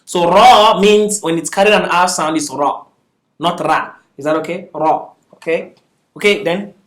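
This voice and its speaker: A patient Arabic teacher, male, delivers a classroom lecture in a brisk, high-pitched, somewhat bright voice. The room is echoey and he sounds far off, and he often stops to ask "is that okay?"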